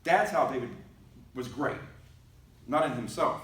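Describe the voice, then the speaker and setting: A man's voice: mid-range voice, animated, a little slow, fairly bright tone, echoey room, recorded from a distance, poor audio. A male pastor giving a conversational sermon, reading scripture aloud and asking the congregation questions. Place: church sanctuary.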